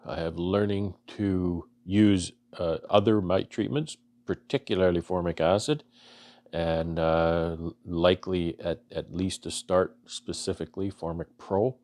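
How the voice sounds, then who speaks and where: A deep-voiced man from Canada with a gravelly, fry-laden tone speaks to camera as a beekeeping vlogger. He talks in an earnest, halting way, restarting his sentences often. His voice is emotional and close to choking up. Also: a little mellow. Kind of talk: casual heartfelt talk to camera.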